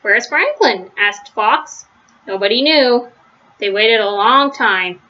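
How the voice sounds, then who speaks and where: A woman reading a children's story aloud, gentle, with small slips and restarts, on a slightly lo-fi recording. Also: mid-range voice, slow. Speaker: storybook reader.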